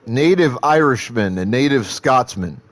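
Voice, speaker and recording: A man's voice: mid-range voice, lively intonation, measured pace. A Midwestern man with a Southern American accent, a streamer chatting casually, blunt and profane, rambling with restarts. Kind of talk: casual live-stream chat.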